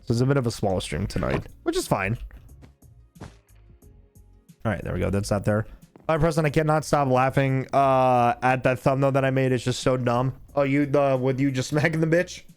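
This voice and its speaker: A man's voice: medium pitch, moderate pace, soft background music. A tired man live-streaming a game, chatting casually, swearing freely and laughing often. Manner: laid-back, swears a lot, laughs often.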